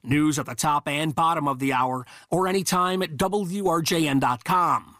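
A man reading a local radio news update from a studio in a brisk, even newsreader manner. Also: a little high, background noise. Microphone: studio mic.

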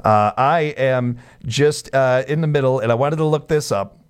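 A man's voice: mid-range voice, normal speed, smooth. Male sports radio host, casual and jokey, mid-range voice, stumbles and restarts often. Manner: chatty, jokey asides, frequent restarts.

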